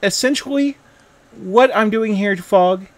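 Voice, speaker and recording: In a gaming video, a young man with a fairly high voice ribs a rival creator with playful, mock-pompous banter. Speaking unhurriedly, he issues a friendly challenge with exaggerated grandeur, and the audio has no room sound.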